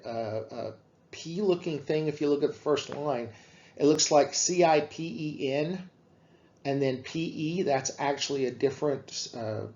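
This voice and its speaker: A man giving a classroom lecture on literature, explaining slowly with frequent fillers. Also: medium pitch, a little mellow, highs cut off.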